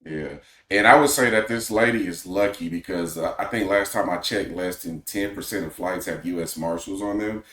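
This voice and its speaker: A man hosting a podcast, giving measured, opinionated casual commentary. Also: sits low, a bit bright, roomy sound, slight background noise. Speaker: podcast host.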